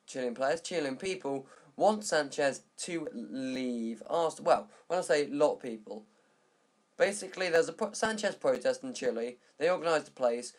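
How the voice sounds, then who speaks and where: Rambling young man recapping football news. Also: a little high. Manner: rambling, jokey, self-correcting.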